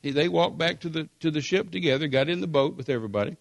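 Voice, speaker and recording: A man preaching a sermon, telling a scripture story with emphatic repetition and animated storytelling. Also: a little high, fast, vocal fry.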